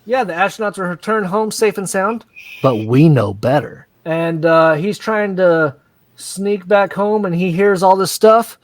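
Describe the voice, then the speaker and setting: A man's voice: high voice, lively intonation, measured pace, dry recording. A man casually recapping a TV episode, rambling and profane, with crude jokes. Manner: rambling, crude jokey storytelling. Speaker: show recap host.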